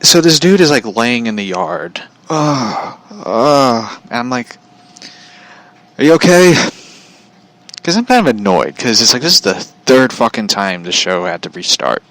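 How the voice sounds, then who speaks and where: A man's voice: medium pitch, moderate pace, creaky, hardly any pauses, sharp tone. A man hosting his show from home, telling a story as a profane, aggravated rant. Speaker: show host. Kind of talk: ranting storytelling.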